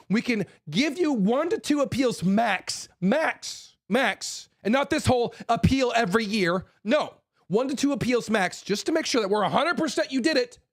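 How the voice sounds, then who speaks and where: Fired-up high-voiced man ranting. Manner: blunt, profane, repeats phrases, stumbles and restarts; fired up, forceful. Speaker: host. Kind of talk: heated ranting monologue.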